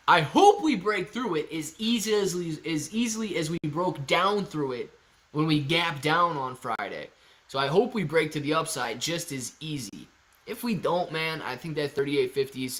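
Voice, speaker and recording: A man with a slightly high voice talks casually on a live stream. He stays upbeat and chatty while he reads out viewer messages and answers each one. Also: a bit bright. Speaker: livestream host answering viewer chat. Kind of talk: casual live stock-market commentary. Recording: home livestream setup.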